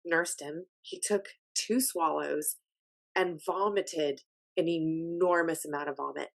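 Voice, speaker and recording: A woman hosting a podcast, telling a personal story in a casual, animated and emphatic way. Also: deep voice, takes it slowly, creaky. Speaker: podcast host.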